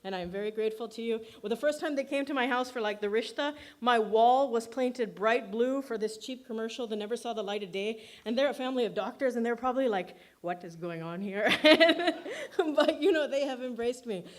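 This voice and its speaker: A woman's voice: on the high side, fairly quick. A woman filmmaker giving an award acceptance speech, chatty and self-deprecating, laughing often between her words.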